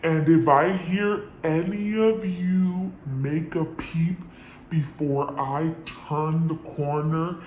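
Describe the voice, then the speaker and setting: A woman voicing a menacing male robber with slow, drawn-out threats. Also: low-pitched, steady tone, darkish tone, slight background noise, pitched below the performer's own voice. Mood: threatening. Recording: echoey room.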